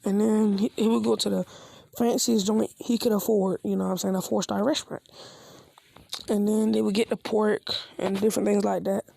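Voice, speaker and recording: A woman's voice: mid-range voice, flat delivery, a little fast, creaky, warm tone. A woman telling a made-up fan story in a loose, rambling, slangy way, briefly voicing each character. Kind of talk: casual spoken fan story.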